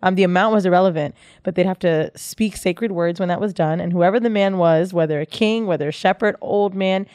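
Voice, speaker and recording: A woman's voice: fairly low pitch, brisk, few pauses, a little mellow, dry recording, studio quality. A woman co-hosting a podcast, reading out odd facts in casual chat, laughing often and swearing freely. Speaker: podcast co-host. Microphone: studio mic.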